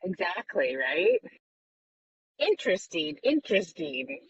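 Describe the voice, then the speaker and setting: A woman's voice: on the low side, big pitch swings, slow pace, breathy edge. Woman on a muffled remote call. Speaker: podcast co-host joining remotely. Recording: distant, muffled remote line with noise.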